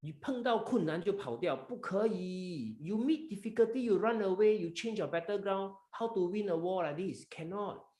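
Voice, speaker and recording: A man's voice: sits high, animated, normal speed, hardly any pauses, darkish tone, reverberant. A man with a Malaysian accent hosting a live stock market webinar, talking emphatically and coaxing his members, mixing in local slang.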